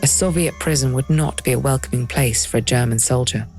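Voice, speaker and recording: Low-voiced woman narrating a podcast. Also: brisk, a little mellow, soft background music. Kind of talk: scripted narration.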